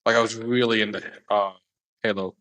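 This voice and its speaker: A man's voice: fairly low pitch, flat delivery, fairly quick, fairly bright tone, poor audio. Laid-back man rambling on a podcast. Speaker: podcast co-host. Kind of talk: casual chat.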